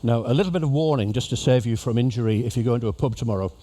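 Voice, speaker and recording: Warm, jokey man giving a shipboard talk. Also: medium pitch, racing. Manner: jokey, chatty storyteller addressing an audience. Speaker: after-dinner speaker on a cruise ship. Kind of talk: humorous illustrated talk. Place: ship lecture venue.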